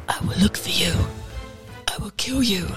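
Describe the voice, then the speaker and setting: A woman impersonating a grim, menacing male action hero, speaking low and half-whispered. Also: normal speed, over music, close to an everyday voice.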